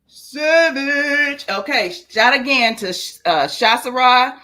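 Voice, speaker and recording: A woman's voice: fairly high pitch, expressive, measured pace, sharp tone. A woman hosting a livestream giveaway, reading out supporters' names in a hyped, sing-song way. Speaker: channel host. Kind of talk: livestream giveaway shout-outs.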